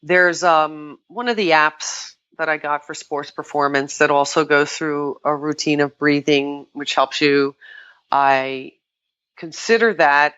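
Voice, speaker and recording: An older woman, a podcast guest, chatting casually and telling lively stories, often quoting herself and laughing. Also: sits low, unhurried, clean tone, dull audio. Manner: animated storytelling, quotes herself, laughs often. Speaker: podcast guest, kettlebell sport athlete. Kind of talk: casual interview chat.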